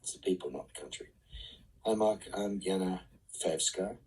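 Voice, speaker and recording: A man's voice: low voice, normal speed, a little mellow, husky, distant mic, rough recording. A middle-aged man reading fan questions aloud on a live stream and answering them with dry, wry quips. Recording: voice set back from the mic.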